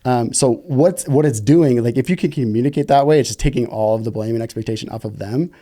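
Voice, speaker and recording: A man and relationship coach, explaining ideas gently and often checking in with "right?". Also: mid-range voice, quick pace.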